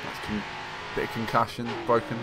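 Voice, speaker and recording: A man casually commentating his own racing game play, excitable, joking and rambling. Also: mid-range voice, fairly quick, over loud music, poor audio. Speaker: games journalist playing and commenting.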